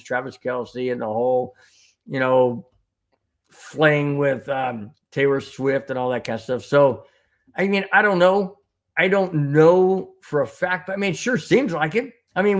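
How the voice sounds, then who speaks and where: Man, sports podcast host, ranting, sarcastic, slightly high voice. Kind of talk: casual sports talk, reading chat comments.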